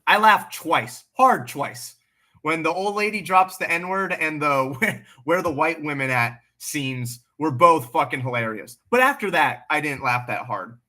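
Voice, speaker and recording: A man hosting a casual livestream, answering chat questions in a blunt, animated way and swearing freely. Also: fairly high pitch, measured pace.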